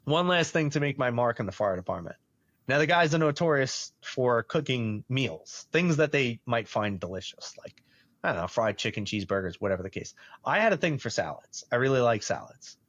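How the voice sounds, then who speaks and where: The audio is dull with no echo as a man with a mid-range voice talks briskly on his podcast. He animatedly recounts a personal story in casual fashion, laughing often and acting out quoted voices.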